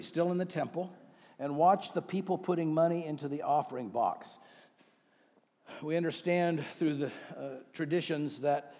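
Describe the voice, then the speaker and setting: A man preaches in an easy, conversational way, throwing questions out to the congregation and then rising into emphatic bursts. His voice sits a little high and has a husky edge. A long reverb from a large church sanctuary trails behind every word. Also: warm tone. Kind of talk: sermon.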